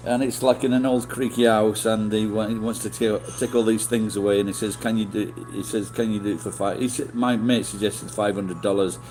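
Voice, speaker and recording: Middle-aged man, low voice, rambling swear-laden storytelling to chat, faint music behind. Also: steady tone, moderate pace, hardly any pauses, a little mellow. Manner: rambling, swearing, many restarts and fillers. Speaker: livestreamer.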